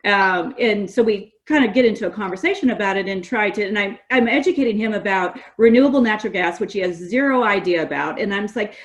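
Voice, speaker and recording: Animated middle-aged woman telling stories. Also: mid-range voice, fast, hardly any pauses. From California. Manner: animated storyteller, quotes others in lively voices. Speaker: guest, gas industry association representative. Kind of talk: conversational podcast interview.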